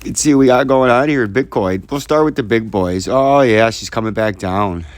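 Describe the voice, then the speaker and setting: A man's voice: medium pitch, moderate pace, a little hiss or hum. A man hosting a casual crypto vlog, rambling and ranting with heavy profanity.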